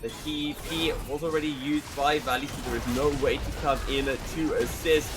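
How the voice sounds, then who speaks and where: A young British man casting esports play-by-play, excitable and rising sharply during fights. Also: on the high side, normal speed. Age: young adult. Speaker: esports caster. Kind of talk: play-by-play commentary. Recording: music playing behind.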